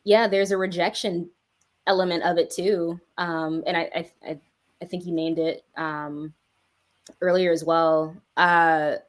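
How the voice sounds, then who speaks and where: A young adult woman, a guest music artist in a casual interview, telling her story with lively animation. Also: fairly low pitch, a little slow.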